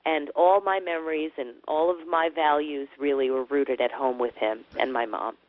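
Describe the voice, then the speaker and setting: A woman's voice: low voice, steady tone, normal speed. A woman from New Jersey, a former radio personality, chatting as a guest and laughing easily. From New Jersey, USA. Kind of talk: phone-in interview chat. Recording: tinny phone line, dry.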